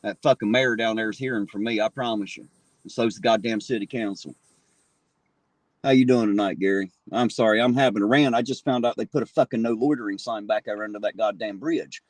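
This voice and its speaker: Talking into his phone outside, this livestream host, a man in his 40s, delivers a furious, swear-heavy street rant. He speaks fairly quickly in a lowish voice, with no echo on the audio.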